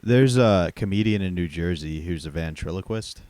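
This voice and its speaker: A man's voice: low-pitched, normal speed, darkish tone, no echo. A man co-hosting a comedy podcast, throwing in joking asides and crude riffs. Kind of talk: casual comedy podcast chat.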